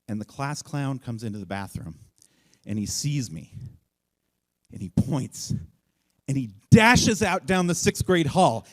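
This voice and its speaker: A man telling a funny personal story on stage at a live event, self-mocking and acting out the voices in it. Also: unhurried. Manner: animated, self-mocking, acts out voices with big jumps in pitch.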